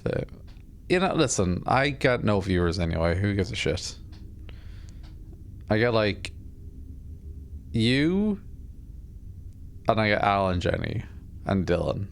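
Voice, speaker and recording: A man's voice: fairly low pitch, very animated, slow, gravelly, pauses often. A man casually chatting on a live stream while playing a game, rambling, self-deprecating and swearing offhand.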